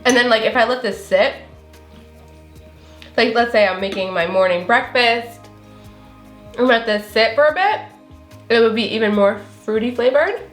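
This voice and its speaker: A woman's voice: fairly high pitch, normal speed, pauses often, echoey room, soft background music. A woman with a slight Southern accent chatting casually through a recipe demo, full of fillers and little laughs. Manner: chatty, filler-heavy, giggly. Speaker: recipe vlogger.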